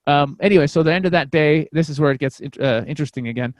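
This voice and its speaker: A man's voice: on the high side, fast talker, dry recording. A man guesting on a podcast, telling a personal story in a casual, rambling way, swearing freely and restarting his sentences often. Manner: rambling, profane, frequent restarts.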